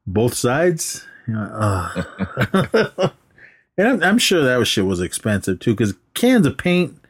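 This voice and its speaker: A man co-hosting a podcast, chatting casually about a movie and excitedly acting out its scenes with laughs. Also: mid-range voice, takes it slowly, husky. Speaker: podcast co-host.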